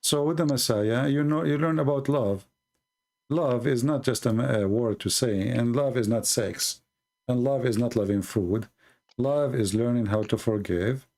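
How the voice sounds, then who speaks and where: A man hosting a live call-in stream, earnestly explaining religious ideas with pauses and fillers. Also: mid-range voice, darkish tone.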